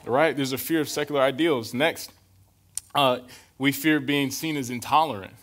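A young adult man preaching a relaxed, conversational sermon, telling stories and often checking in with his listeners. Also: medium pitch, normal speed. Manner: casual, storytelling, keeps checking in with "right?".

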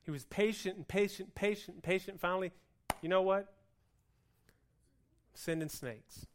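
A man preaching a sermon with lively swings between loud outbursts and hushed, slow passages, acting out the people's complaints. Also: sits high, a little hiss or hum. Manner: plays out the people's complaints in a whiny voice. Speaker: pastor.

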